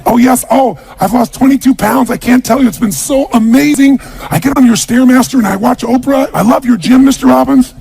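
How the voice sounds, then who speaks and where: A man's voice: very high voice, a little fast, gravelly, hardly any pauses, a little mellow, husky, voice pushed up, heavily acted. A man voicing a gushing, grateful female housemaid, raising his voice into a breathless, fawning sing-song.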